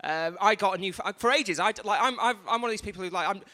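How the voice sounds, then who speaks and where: Male compere, high bright voice, rambling stand-up patter, big reverberant venue. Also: quick pace. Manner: rambling, chatty, restarts and asides to the crowd. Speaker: event host and compere. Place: large museum event hall. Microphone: stage microphone. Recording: reverberant hall on live stream.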